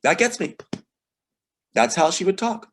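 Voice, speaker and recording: A man's voice: sits high, sing-song, unhurried, a little hiss or hum. A man in an interview, talking about his screenplay with passion, sometimes reading scenes aloud and getting emotional. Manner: passionate and emotional, voice rising sharply when indignant. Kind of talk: conversational interview, reading from a script.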